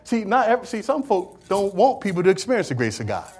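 High-voiced man preaching emphatically. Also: huge pitch swings, a little fast, darkish tone, breathy edge. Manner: emphatic, repetitive preaching with stacked repeats; conversational, streetwise phrasing. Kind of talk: sermon.

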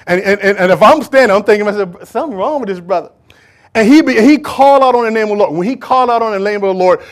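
A male preacher with a high voice tells a Bible story in a lively, conversational sermon. He swings between raised, urgent lines and hushed asides. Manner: animated storytelling, acting out biblical figures.

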